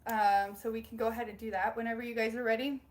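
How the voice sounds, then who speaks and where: A bubbly young woman chats casually on a livestream from her home. She laughs often and greets viewers warmly by name. Her voice sits a little high. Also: flat delivery, quick pace. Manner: bubbly, giggly, reads out viewer names. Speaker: spiritual livestream host. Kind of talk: casual live-stream chat.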